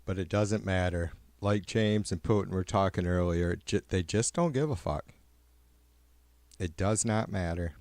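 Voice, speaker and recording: A man's voice: sits low, moderate pace, no room sound. Man, livestream host, sarcastic swearing rant, rambling, dry sound. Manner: sarcastic, swearing, rambling, gets louder when worked up. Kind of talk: profane political rant.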